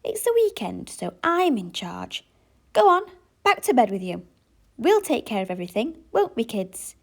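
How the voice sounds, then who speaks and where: Storybook dad, hearty and bossy, pitch bouncing about, as a woman reader does him. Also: sing-song, moderate pace, vocal fry, exaggerated voice. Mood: cheerful. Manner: hearty, commanding. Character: cheerful bossy dad organising his kids.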